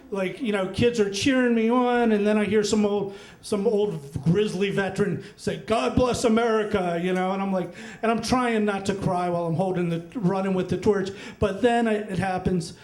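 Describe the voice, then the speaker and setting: A middle-aged man telling a personal story on stage at a live event, animated and often laughing, with lots of fillers and asides. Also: high-pitched, reverberant.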